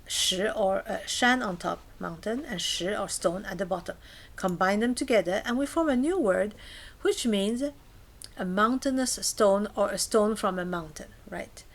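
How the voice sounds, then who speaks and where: Woman, language teacher, patient, explanatory, middle pitch, acts out small examples. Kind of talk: recorded language lesson.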